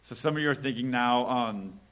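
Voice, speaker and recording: A man preaching a casual sermon, reading scripture slowly and acting out small everyday dialogues in a conversational way. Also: medium pitch, fairly bright tone. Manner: conversational, acts out little dialogues, slows for scripture.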